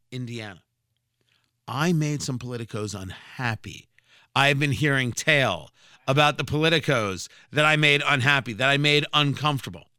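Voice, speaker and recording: A man's voice: a little high, pushed and bright, clear, resonant tone, dry recording, clean studio sound. A man hosting a political radio show, giving combative, emphatic commentary with sarcastic asides.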